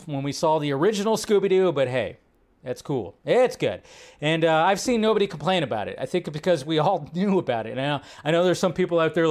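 A man hosting a live film news stream, talking casually and rambling with lots of fillers, his voice jumping up when he makes a point. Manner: chatty, rambling, filler-heavy; animated, pitch jumps up when making a point.

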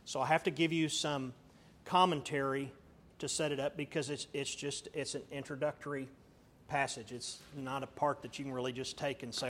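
A middle-aged man, a pastor, teaching a verse-by-verse sermon, asking the congregation questions and moving between quiet asides and emphatic raised lines. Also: medium pitch, fairly even intonation, moderate pace.

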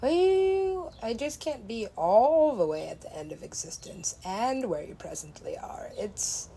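Woman DJ, slow and meandering, casual swearing, laughs a lot. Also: a little high, expressive, dark tone, slightly rough. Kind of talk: rambling casual monologue.

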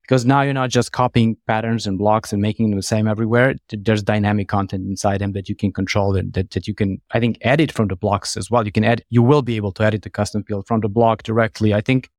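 A man's voice: lowish voice, fairly even intonation, fast, hardly any pauses, darkish tone, no room sound, studio quality. A man speaking as a podcast panelist, hesitant and searching for words in casual tech chat.

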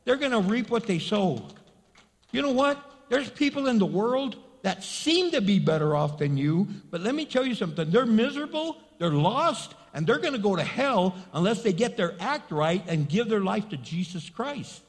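High-voiced New preacher in a reverberant hall. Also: male voice, moderate pace. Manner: animated, folksy preaching that acts out quoted voices. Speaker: pastor. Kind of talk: sermon.

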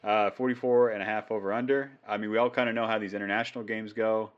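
Man, low voice, casual sports chat, jokey, rambling. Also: steady tone, highs cut off. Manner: jokey, rambling, quick to riff. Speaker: co-host of a fantasy football show.

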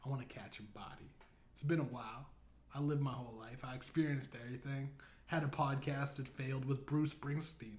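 A man's voice: medium pitch, fairly even intonation, fairly quick, darkish tone. A man hosting a comedy podcast, rambling through a profane, meandering monologue and laughing at his own jokes. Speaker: podcast host. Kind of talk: stand-up style comedy monologue. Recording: echoey room, faint noise.

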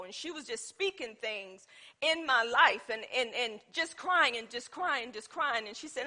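Her voice is high-pitched and sharp, expressive, and delivered at a moderate pace. She leads an informal Bible teaching, drawing on personal stories as examples and putting questions to her listeners.

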